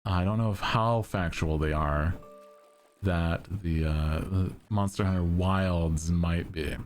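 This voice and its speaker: Young guy streaming, super deep chill monotone, slow and lazy, giggly chatting with chat. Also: soft background music. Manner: laid-back, giggly, reads chat aloud. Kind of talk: casual chat with chat.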